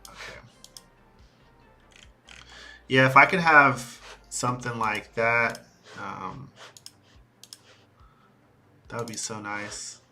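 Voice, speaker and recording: A man streaming a quiet coding study session, talking to himself in halting bits as he works. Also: mid-range voice, vocal fry. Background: soft music and keyboard typing.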